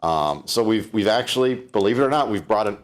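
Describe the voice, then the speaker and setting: A man's voice: on the low side, expressive, a little fast. A middle-aged man from Canada presenting a live-streamed keynote, chatty and loose, with frequent fillers and restarts. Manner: conversational, fillers, many restarts.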